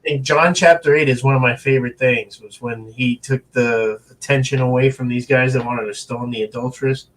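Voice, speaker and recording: A man's voice: medium pitch, fairly even intonation, normal speed, few pauses, a bit bright. A man speaking as an interview guest, earnest and reflective, often restarting his sentences. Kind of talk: casual conversational interview.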